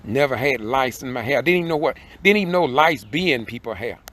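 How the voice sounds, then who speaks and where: A man's voice: medium pitch, animated, fairly quick, a bit bright. Fiery older man preaching. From southern Georgia, USA. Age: 60s. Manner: fiery, preacherly, repeats points, rises to emphatic peaks. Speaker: independent video commentator. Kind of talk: impassioned preaching monologue. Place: in a car while driving.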